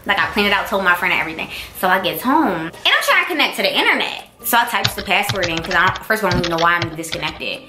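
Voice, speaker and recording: A young college woman tells a personal story in a casual, emphatic, animated way, acting out the dialogue as she goes. Her voice is lowish and she speaks rapid-fire with few pauses. The recording has a roomy echo and faint music.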